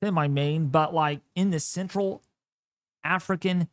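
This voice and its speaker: Slow-talking man giving weather commentary. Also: on the high side, dry recording. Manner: animated, jokey, exclamatory. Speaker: weather streamer.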